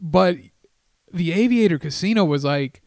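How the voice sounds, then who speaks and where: A man's voice: sits high, animated, a little slow, darkish tone, no echo, studio quality. A man hosting a podcast, chatting casually and prompting his guest with questions. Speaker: podcast host.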